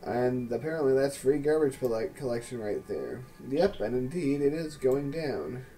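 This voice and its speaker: A man's voice: mid-range voice, expressive, normal speed, mellow, soft background music. A man casually commenting on his city-building game in a wry, sarcastic, musing way. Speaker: let's play host.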